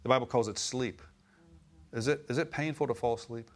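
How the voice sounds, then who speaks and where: Storytelling preacher, warm emphatic man. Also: medium pitch, fairly quick. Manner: storytelling, rising to emphatic exclamations. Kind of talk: sermon.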